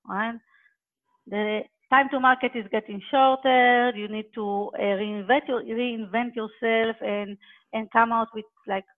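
Earnest woman on a tinny call line. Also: a little high. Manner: earnest, builds points by repeating phrases. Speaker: guest expert on quality management. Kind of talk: conversational interview answers. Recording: tinny phone-like call audio.

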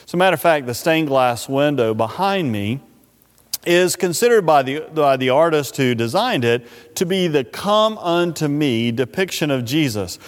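A male pastor preaches in a church sanctuary, his voice sitting a little high. He speaks earnestly and without hurry, often easing into a slow, soft tone. A long reverb from the hall trails after his words. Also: expressive. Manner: earnest, unhurried preaching that drops soft and slow when voicing invitations. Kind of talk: sermon.

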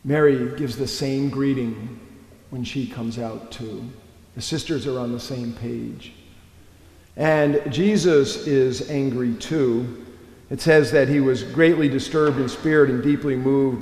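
A man preaching a sermon as pastor, telling a personal story in a slow, reflective way with long pauses. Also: medium pitch, fairly even intonation, a little mellow. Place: church. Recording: echoey church hall.

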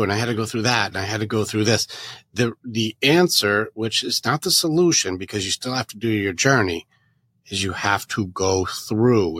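A man with a fairly low voice hosts an interview in an insistent, emphatic way. He repeats his phrases again and again to drive the point home. His voice sounds dry and close to the mic. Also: fairly bright tone, no echo. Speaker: podcast host.

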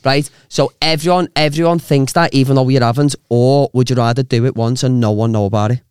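A man's voice: mid-range voice, fairly even intonation, brisk, darkish tone, clean tone, no room sound, clean studio sound. A man hosting a podcast, bantering and teasing his guest in casual, sweary chat. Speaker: podcast host.

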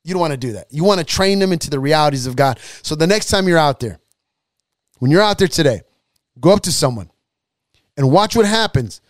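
A man preaching a podcast sermon, emphatic and repetitive, building to forceful declarations. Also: on the high side, expressive, a little fast, long pauses, no room sound.

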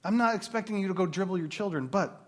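With a high voice and a quick pace, a man in his thirties gives a faith talk at a Christian mothers' gathering. He wanders through personal stories warmly, often laughing at himself.

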